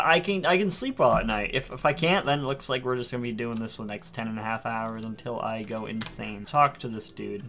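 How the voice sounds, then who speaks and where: Bright-voiced young man rambling over gameplay. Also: medium pitch, gravelly. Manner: rambling, self-mocking, talks to himself while playing. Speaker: gaming YouTuber. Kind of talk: casual gameplay commentary. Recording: faint noise and keyboard clicks behind.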